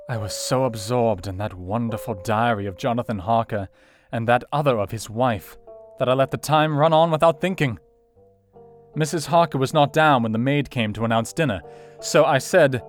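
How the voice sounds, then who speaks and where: An actor playing an earnest, grave Victorian male doctor in a dramatized reading of a classic novel, with a formal, gentle and solemn manner. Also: mid-range voice, lightly acted.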